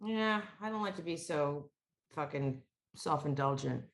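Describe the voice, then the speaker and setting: A woman's voice: low voice, animated, unhurried. A woman co-hosting a casual podcast, telling stories candidly and swearing freely. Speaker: podcast co-host.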